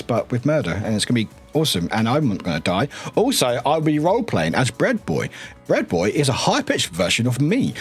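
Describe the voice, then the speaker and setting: A man chatting casually on a live stream, excitable and often laughing and swearing. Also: mid-range voice, slightly rough.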